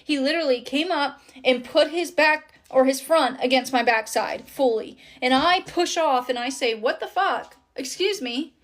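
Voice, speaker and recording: A woman's voice: high voice, normal speed, hardly any pauses. A woman telling a personal story in a casual storytime monologue, indignant and swearing freely.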